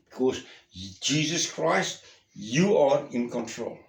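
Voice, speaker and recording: A male pastor with a fairly high voice preaches an earnest sermon at a slow, deliberate pace. He drives his points home emphatically, then drops into a hushed, intimate tone, and his voice echoes through a spacious church hall.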